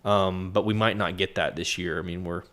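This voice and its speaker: Low-voiced nasal man, stuffy nose. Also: steady tone, moderate pace, fairly bright tone. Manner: plainspoken, advisory. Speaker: co-host, property manager. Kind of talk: casual business podcast chat.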